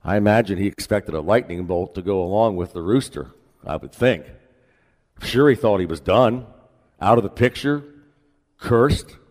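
Man, pastor, sermon, deep voice, folksy conversational asides, long echo of a church hall. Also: moderate pace, pauses often, a little mellow.

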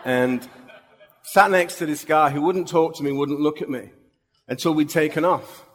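A man's voice: fairly high pitch, normal speed, long reverb tail. A man preaching, telling humorous, self-mocking stories from his own life in a sermon. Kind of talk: storytelling sermon.

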